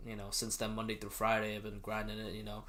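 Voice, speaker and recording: Bright, rambling podcast co-host man. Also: lowish voice, fast. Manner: energetic, rambling, trails off softly. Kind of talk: casual chat.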